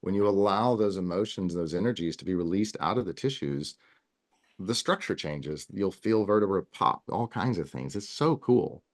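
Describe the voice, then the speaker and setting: Man, podcast guest, earnest, long rambling explanations, many restarts, lowish voice. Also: lively intonation, normal speed. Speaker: wellness guest. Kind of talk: casual podcast interview.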